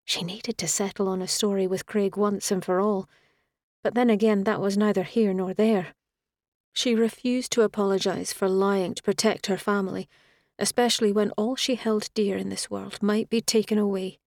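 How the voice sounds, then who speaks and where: A woman narrating a romantic fantasy audiobook in a measured, expressive storytelling manner. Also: mid-range voice, dry recording, clean studio sound.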